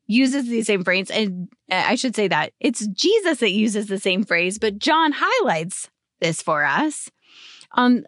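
A woman in her thirties hosting a devotional podcast, teaching scripture with earnest, expressive storytelling that slows and softens on tender points. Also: a little high, dry recording, clean studio sound. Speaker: podcast host.

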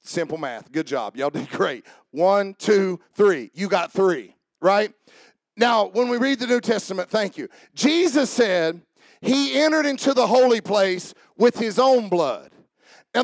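A man preaching a sermon as pastor, building up to shouting and dropping into mock-calm voices for jokes. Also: very high-pitched, no echo.

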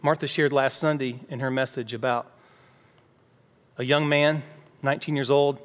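At a moderate pace and with fairly even intonation, a pastor with a mid-range voice preaches conversationally, acting out daily conversations in quoted voices. Recorded in a church sanctuary, it has long hall reverb and faint music underneath.

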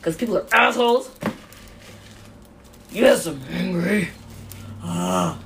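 A woman's voice: fairly low pitch, takes it slowly, vocal fry, slight background noise. A young woman and mom rambling in a casual podcast monologue, jittery from too much coffee and laughing often. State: over-caffeinated jitters.

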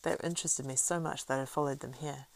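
A woman's voice: a bass voice, fairly even intonation, fast talker, creaky. Strider, a woman reading a wary ranger. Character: weathered male ranger, cool and guarded.

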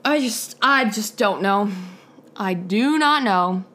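A woman's voice: medium pitch, lively intonation, slow, fairly bright tone. A young woman hosting her own podcast, ranting bluntly and heatedly, swearing in nearly every sentence. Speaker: podcast host. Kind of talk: profane solo podcast rant.

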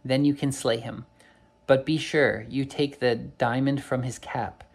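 A man's voice: mid-range voice, steady tone, unhurried. A man voicing a giant bird with a thunderous voice in a storybook reading, commanding and solemn.

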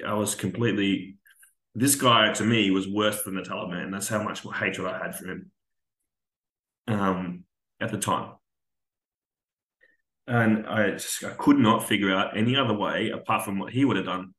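In a lowish, steady voice that's a bit bright, an army veteran guesting on a podcast speaks at a moderate pace, leaving long pauses. His story is candid and raw, full of profanity and acted-out exchanges, captured with a roomy echo.

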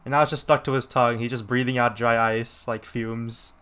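A man's voice: mid-range voice, fairly even intonation, brisk, a bit bright, clean tone. A young man co-hosting a casual podcast, telling a rambling story full of "like" and quoted lines. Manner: rambling, lots of "like", quoting others. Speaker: podcast co-host.

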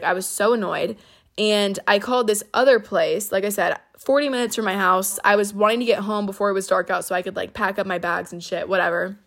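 A young woman hosting a podcast, telling a rambling story in casual chat, swearing often and saying "like" a lot, emotional at the moment. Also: medium pitch. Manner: profane, rambling, heavy use of "like". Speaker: podcast host.

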